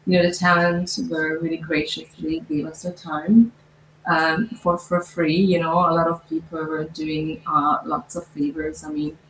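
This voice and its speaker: A woman's voice: sits low, flat delivery, measured pace, fairly bright tone, slight background noise. A woman from the film's production team, talking thoughtfully about the film in an interview. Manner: conversational, thoughtful, with fillers. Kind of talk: festival interview. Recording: echoey room.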